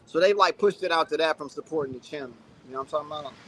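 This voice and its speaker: A man's voice: fairly high pitch, racing, a bit bright, slight background noise. A man in his thirties hosting a casual livestream, chatting loosely and reading out viewer comments. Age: 30s. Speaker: channel host.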